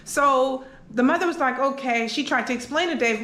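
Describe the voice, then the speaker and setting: A woman's voice: high-pitched, moderate pace, hardly any pauses, a bit bright. A woman vlogger telling a story in a casual, chatty way, often checking in with her listeners. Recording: roomy echo.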